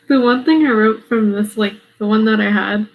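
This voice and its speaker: A woman's voice: fairly high pitch, normal speed, vocal fry, a little hiss or hum, poor audio. A woman on a podcast, chiming in with short, eager reactions. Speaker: podcast co-host. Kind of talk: casual chat.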